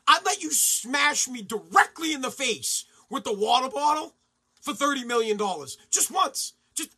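A man hosting a profane, mocking sports rant, sometimes shouting and mimicking others. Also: very high voice, animated, normal speed, breathy edge. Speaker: sports commentary host. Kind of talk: ranting sports commentary.

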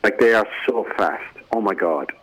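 A man's voice: lowish voice, normal speed, a bit bright, rough recording. A man with an Irish accent, a guest in a casual radio interview, rambling with many fillers and restarts. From Ireland.

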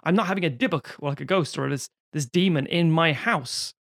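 A man voicing a grumpy, fierce village wife, blunt and forceful. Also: on the high side, a little fast, gravelly, dry recording, clean studio sound. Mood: defiant.

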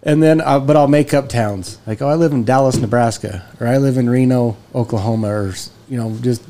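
A man co-hosting a casual podcast chat, telling stories and jumping into high voices when he quotes people. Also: brisk, mellow. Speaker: podcast co-host.

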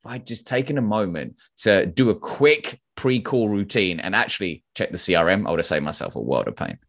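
A man, a sales consultant as podcast guest, telling animated stories in casual talk and acting out quoted lines. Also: fairly low pitch, brisk. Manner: animated storytelling, acts out quotes; casual slang. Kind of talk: podcast interview.

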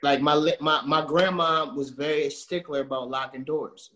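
A man's voice: fairly high pitch, fairly even intonation, normal speed, bright, forceful tone. Guy ranting about pet peeves, swearing a lot, echoey room. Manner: ranting and swearing, with repeated filler words. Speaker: podcast guest. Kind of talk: casual chat.

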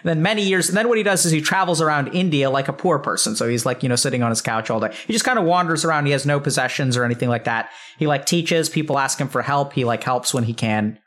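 A man's voice: mid-range voice, fast talker, few pauses. A man hosting an interview, telling a story casually and acting out voices, swearing freely. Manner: animated, swearing, acts out voices in stories. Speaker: interview host.

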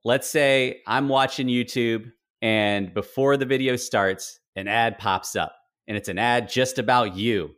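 An American man hosts a casual podcast interview, sounding chatty and playful with his guest and laughing easily. His mid-range voice is fairly bright in tone and measured in pace.

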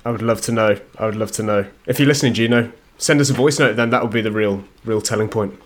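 A man's voice: lowish voice, fast talker. Easygoing man reading listener notes. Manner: easygoing, reads out listener comments. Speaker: podcast co-host reading listener messages. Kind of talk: casual chat. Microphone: video call.

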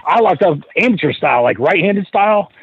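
A man's voice: sits high, brisk, slight background noise. A man, a wrestler guest on a podcast, telling a rambling, profane story and acting out the voices of the people in it. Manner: profane, animated, acts out quoted voices. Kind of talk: casual storytelling anecdote. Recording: dull lo-fi podcast audio.

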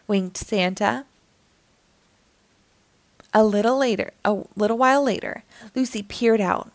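A woman reading a children's picture book aloud as the storytime host, in an expressive storytelling manner. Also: medium pitch, measured pace, long pauses, no room sound. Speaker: storytime reader.

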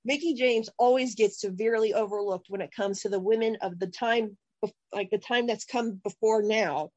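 A woman's voice: medium pitch, moderate pace, darkish tone, dry recording, muffled recording. A woman on a podcast going on a profane, impassioned rant about wrestling. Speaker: podcast co-host.

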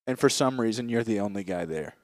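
A man's voice: on the low side, expressive, no echo, studio quality. A man co-hosting a comedy podcast, riffing with crude jokes in casual chat. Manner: crude, joking, quick riffing. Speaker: podcast co-host.

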